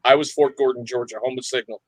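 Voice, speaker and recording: A man's voice: medium pitch, fairly even intonation, quick pace, no echo. A man hosting a veterans' panel, asking questions and teasing his guests with dry jokes. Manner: teasing, wisecracking banter. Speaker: host of veteran discussion panel. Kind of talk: casual panel chat.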